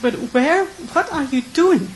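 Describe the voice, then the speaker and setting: A woman from the Netherlands asking a question from the floor, earnest, emotional and halting. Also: sits high, animated, a little hiss or hum, poor audio. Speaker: audience questioner.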